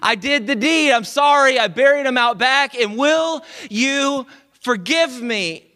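A man's voice: very high-pitched, measured pace, bright, forceful tone, long reverb tail, voice pushed up, full character voice. A man voicing a guilty young boy who confesses in an earnest, stammering way.

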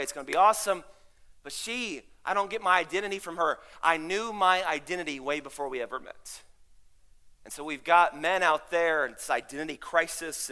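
A middle-aged male pastor preaching a sermon, swinging between drawn-out emphatic lines and sudden shouted peaks. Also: on the high side.

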